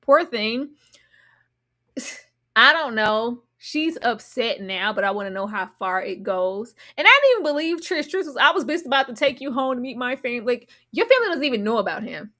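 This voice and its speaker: A woman giving animated, sassy commentary recapping a reality show, often mocking the cast in put-on voices. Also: on the high side, normal speed.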